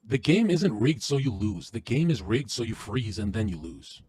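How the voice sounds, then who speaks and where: A man guesting on a podcast, delivering an intense, profane motivational rant that swings from loud to hushed. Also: lowish voice, very animated, moderate pace, slightly rough, dry recording.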